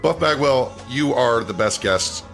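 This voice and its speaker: A man's voice: medium pitch, lively intonation, measured pace, vocal fry, a bit bright, soft background music. A man co-hosting a podcast, heaping joking praise on his guest. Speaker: podcast co-host. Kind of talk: casual chat.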